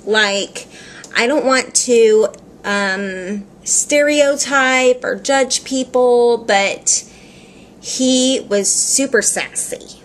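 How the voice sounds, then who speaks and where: A woman's voice: a little high, drawn-out words, slight background noise. A woman vlogging in a chatty, rambling way, laughing often and filling her speech with "like" as she tells a story. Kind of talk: casual storytelling vlog.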